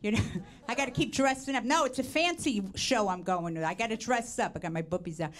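A middle-aged woman from the Bronx with a New York accent, doing a brash, self-mocking stand-up comedy set. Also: a little fast. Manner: brash, self-mocking, swings pitch up for punchlines. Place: comedy stage with audience. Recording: stage recording, audience laughing.

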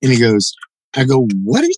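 Middle-aged male guest, animated storyteller, mid-pitched, dry close sound. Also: a little fast, no room sound, rough recording. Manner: animated, acts out quoted dialogue, frequent "you know" and "right?". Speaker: podcast guest, jiu-jitsu black belt. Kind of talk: casual storytelling interview.

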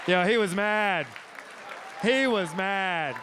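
High-voiced animated male comedian. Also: takes it slowly, crowd noise, noisy background. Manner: animated storytelling, lively acted quotes. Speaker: stand-up comedian. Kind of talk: stand-up routine. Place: comedy club stage.

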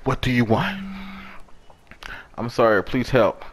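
A young man giving profane, excitable commentary while playing a horror game. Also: mid-range voice, slow pace, slight background noise. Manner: profane, loud outbursts at the game. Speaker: gaming YouTuber.

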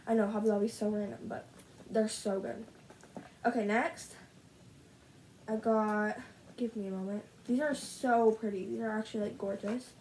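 A teenage girl filming a casual haul video at home, gushing over each item with lots of "like" and "so good", her voice a little rough. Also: mid-range voice, level tone, moderate pace, long pauses, darkish tone, slight background noise, low-quality recording. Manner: gushing, bubbly, heavy use of "like". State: slightly rough voice. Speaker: vlogger. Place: at home, indoors. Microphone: camera set up in front of her.

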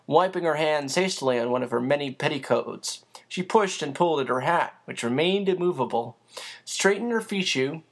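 Audiobook reader, children's novel, creaky texture, even storytelling pace. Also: medium pitch. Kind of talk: reading a children's novel aloud.

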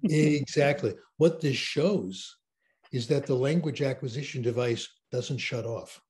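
A man's voice: mid-range voice, a little slow. An older man talks with enthusiasm, telling stories in a conversational interview. His voice sits in a middle range. He sounds like he is on a video call. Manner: enthusiastic storyteller, animated. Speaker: interview guest.

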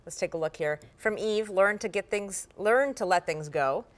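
A woman's voice: mid-range voice, moderate pace. A woman co-hosting a TV morning show, leading segments with laid-back, joking asides. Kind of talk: casual news chat. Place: TV news studio.

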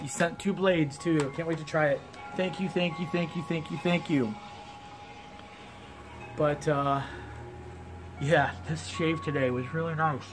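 A man's voice: a little high, a bit bright. Chatty Ohio man reviewing shaves. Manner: chatty and self-deprecating, rambling asides. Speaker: wet shaving YouTuber. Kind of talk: casual product review. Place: porch at home.

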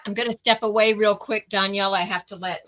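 A woman helping on a livestream, chatting in an easygoing, unhurried way. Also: mid-range voice, steady tone, a bit bright. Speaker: co-host helping with the chat. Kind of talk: casual chat.

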